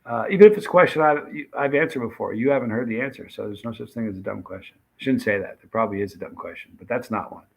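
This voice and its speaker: A medium-pitched man talks fast and with few pauses, his creaky voice darkish in tone and slightly rough. Hosting a late-night livestream, he casually reads comments aloud and thanks viewers by name.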